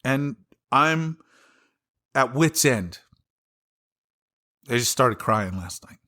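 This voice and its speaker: A man's voice: mid-range voice, lively intonation, extremely slow, sharp tone. Angry ranting Southern man. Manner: angry, profane, exasperated ranting. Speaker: podcast host. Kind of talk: solo political commentary rant.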